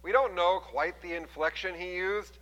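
A man preaching a sermon as a pastor, telling the story with animated delivery and acting out the quoted voices. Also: high voice, normal speed, long reverb tail, dull audio.

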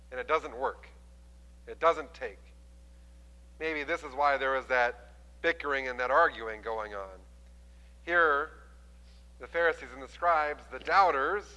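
A man preaching a sermon as a pastor, telling the story with animated delivery and acting out the quoted voices. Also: fairly high pitch, in a large hall, poor audio.

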